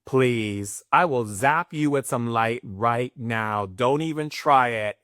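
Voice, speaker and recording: A man's voice: mid-range voice, slow pace, fairly bright tone, no room sound, clean studio sound. Sassy, emphatic man giving a spiritual talk. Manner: sassy, emphatic, playful asides. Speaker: spiritual teacher.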